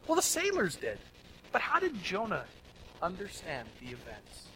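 Male pastor, high bright voice, earnest emphatic sermon delivery, faint noise behind. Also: wildly swooping pitch, normal speed, rough recording. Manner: earnest, emphatic preaching with swings between loud and soft.

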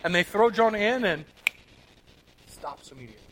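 Male pastor, high bright voice, earnest emphatic sermon delivery, faint noise behind. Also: lively intonation, moderate pace, rough recording. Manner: earnest, emphatic preaching with swings between loud and soft.

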